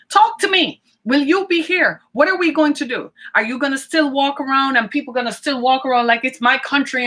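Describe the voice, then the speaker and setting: A woman with a high, bright voice speaks in a preachy, impassioned monologue. She hammers her listeners with pleading questions and fiery warnings, as a podcast host. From United States.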